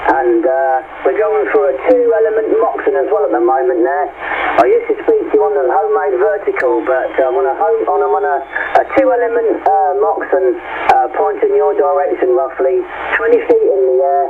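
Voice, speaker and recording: A man's voice: high-pitched, wildly swooping pitch, normal speed, gravelly. A man from England talking as a ham radio operator over the air, chatty, ending nearly every phrase with "there". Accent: East Anglian English. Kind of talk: radio contact chat. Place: received over shortwave radio. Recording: tinny radio with static hiss.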